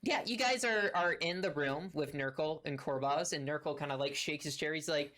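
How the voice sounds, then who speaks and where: A woman's voice: sits low, moderate pace, hardly any pauses, fairly bright tone. Rambling woman game master. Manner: rambling, full of "like" and "kinda". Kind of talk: narrating a tabletop game.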